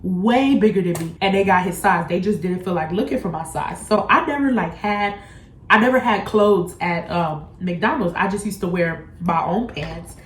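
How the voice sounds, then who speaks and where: A young woman vlogger telling a blunt, profane storytime in a casual, animated way. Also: fairly low pitch, moderate pace, a little hiss or hum. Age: young adult. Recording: echoey room, faint music.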